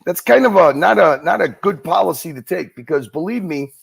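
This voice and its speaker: A man's voice: on the high side, expressive, a little fast, creaky, husky. A man co-hosting a livestream, rambling and swearing as he banters and laughs. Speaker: livestream co-host.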